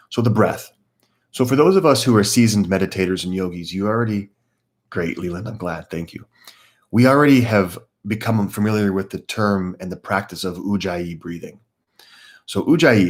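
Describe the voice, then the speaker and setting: Low-voiced calm meditation teacher, man. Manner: calm explanatory teaching, greets viewers by name. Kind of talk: live guided meditation class.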